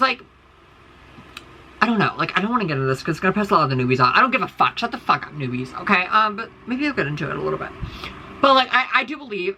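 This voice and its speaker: A woman from the United States, recording herself on her phone indoors, gives her followers a loose, profane, filler-heavy monologue. She has a low voice with a sharp tone, and the poor audio includes slight background noise.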